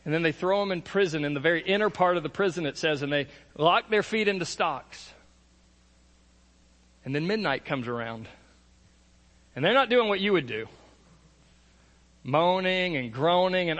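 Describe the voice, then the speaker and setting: A man's voice: on the high side, lively intonation, normal speed, pauses often, fairly bright tone, long reverb tail. A man preaching a sermon, retelling Bible stories in a casual, conversational way and acting out the quotes. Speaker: pastor.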